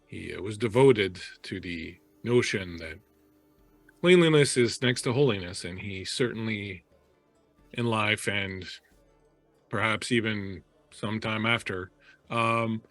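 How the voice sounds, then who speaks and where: Man, tabletop player, solemn, halting, dry close sound, low voice. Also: fairly bright tone, no room sound, faint music behind. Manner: measured, pious, halting. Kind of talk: solemn in-character eulogy.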